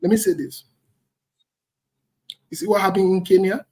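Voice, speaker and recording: A man's voice: sits high, steady tone, moderate pace, mellow, breathy edge. A man giving heated, blunt political commentary, repeating his points emphatically.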